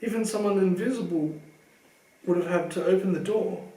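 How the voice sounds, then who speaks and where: A man's voice: high voice, normal speed, warm tone, reverberant, distant mic, natural voice, rough recording. A man voicing a tired teenage boy wizard who groans and grumbles. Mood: grumbling. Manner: groaning, complaining.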